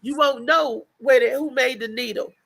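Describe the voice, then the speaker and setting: A woman's voice: high voice, moderate pace, vocal fry, slightly rough. A woman co-hosting a casual livestream chat, telling stories. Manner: animated storytelling with frequent restarts and laughter. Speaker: co-host.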